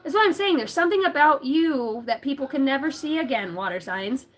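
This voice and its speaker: A woman's voice: high-pitched, expressive, brisk. A woman doing a casual livestream tarot reading, giggly and rambling, cussing freely. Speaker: tarot reader.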